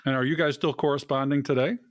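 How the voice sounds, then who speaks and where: A man co-hosting a podcast, asking questions in a conversational, sometimes halting way. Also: mid-range voice, fairly even intonation, no room sound. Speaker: podcast co-host. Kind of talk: casual interview questions.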